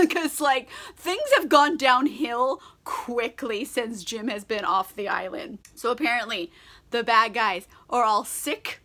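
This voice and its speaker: A woman's voice: fairly high pitch, takes it slowly, sharp tone. A tipsy woman vlogger recapping a book in a casual, rambling, irreverent way, swearing and giggling.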